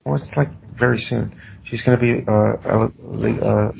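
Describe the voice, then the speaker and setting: A man in his twenties, a podcast co-host in casual chat, joking in a deadpan way and laughing often. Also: fairly low pitch, moderate pace, vocal fry, lo-fi sound, slight background noise.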